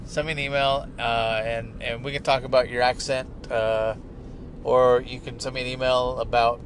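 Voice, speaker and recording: A middle-aged man hosting a podcast, talking in a casual, profane, joking ramble from inside a moving car. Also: mid-range voice. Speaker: podcast host. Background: car and traffic noise.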